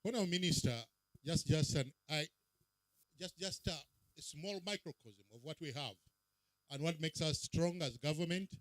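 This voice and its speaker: A man emceeing an event, his voice pitched a little high and carried dry and close over a handheld mic. He calls out names with punchy rising emphasis, as if to a crowd. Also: normal speed, dry recording. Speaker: master of ceremonies. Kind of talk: event emcee roll call. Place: outdoor public event.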